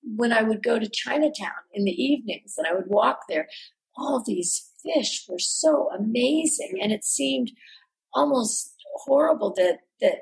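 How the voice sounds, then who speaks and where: A woman artist from the Midwest, telling animated, self-mocking stories in an interview. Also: on the high side, a little slow, gravelly, breathy edge, poor audio. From American Midwest. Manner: animated, self-mocking, acts out voices, many restarts. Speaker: artist recalling her early work. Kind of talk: storytelling interview answers.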